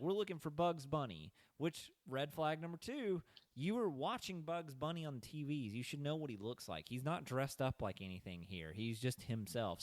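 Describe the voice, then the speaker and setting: A man's voice: medium pitch, no echo. A young man hosting a podcast in casual movie-review chat, retelling the plot at length with loose asides and casual swearing. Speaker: podcast host.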